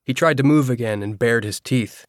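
A man reading a novel aloud as a first-person narrator, in a steady storytelling manner. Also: medium pitch, normal speed, no room sound, studio quality. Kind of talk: audiobook narration.

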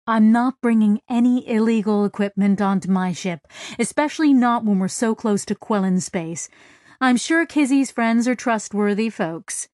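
Woman voicing a calm, steady male ship captain. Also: on the high side, normal speed, no room sound, studio quality, lightly acted.

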